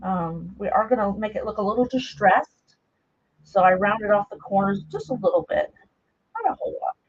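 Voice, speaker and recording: A middle-aged woman rambles in easy, casual chat while she crafts live, greeting viewers by name. Her pitch sits in an ordinary middle range. The sound is dull and lo-fi, like a home live stream picked up by a camera mic. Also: normal speed, slightly rough. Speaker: craft livestream host. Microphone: camera mic while moving around a table.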